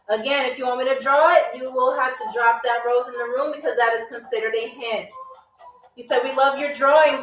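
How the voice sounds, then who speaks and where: A woman's voice: sits high, a bit bright, far from the mic. A woman hosting a live game show, playfully teasing viewers and reading out their comments. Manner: repeats words drawn out. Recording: echoey room, a little off-mic, faint music.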